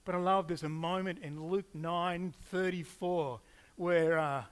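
Man, preaching, fairly high voice, animated, playful asides. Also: a little slow, clear, resonant tone. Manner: animated storytelling, acts out quotes with playful asides. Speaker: pastor. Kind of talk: sermon.

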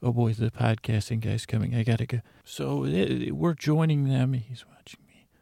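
Gravelly, flat-voiced man narrating. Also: mid-range voice, normal speed, no echo, clean studio sound. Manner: rambling, self-interrupting, chatty asides. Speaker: fictional narrator. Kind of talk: improvised comedic audio-drama narration.

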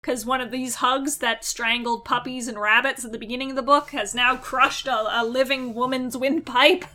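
High bright sarcastic woman. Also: fairly even intonation, moderate pace. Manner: sarcastic, swears freely. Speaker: podcast co-host. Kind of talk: casual chat reviewing a cartoon episode.

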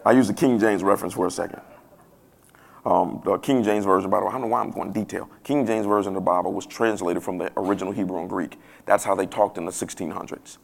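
A man preaching a sermon in a casual, playful way that swells to loud emphasis now and then. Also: low voice, fairly even intonation, fast, gravelly. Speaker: pastor.

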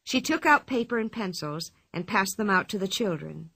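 A woman reading a children's story aloud with an expressive, clear delivery. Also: mid-range voice, normal speed, dry recording. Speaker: narrator.

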